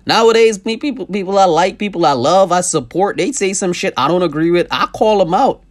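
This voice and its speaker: A young man hosting a podcast, ranting casually and profanely, his voice swinging from loud outbursts to low asides. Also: brisk. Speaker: podcast host. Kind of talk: casual comedic rant.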